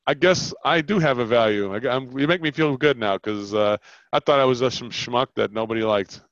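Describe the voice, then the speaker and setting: This is a sales coaching call where a man lively acts out both parties of a pitch. His voice is mid-range and a little fast, with no echo. The call audio is dull and lo-fi.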